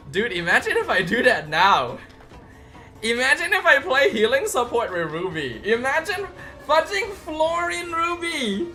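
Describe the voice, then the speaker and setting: A game streamer reviewing patch notes live, voice bright and sharp, pitch bouncing all over as excitement spills into shouted exclamations. Soft music plays faintly in the background. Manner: excitable, bursts into loud exclamations.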